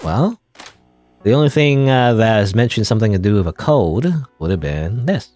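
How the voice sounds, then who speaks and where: Rambling, chuckling low-voiced male gamer. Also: expressive, normal speed, darkish tone, no echo, faint music behind. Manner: rambling, chuckling, self-interrupting. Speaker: let's play gamer. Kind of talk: casual gameplay commentary.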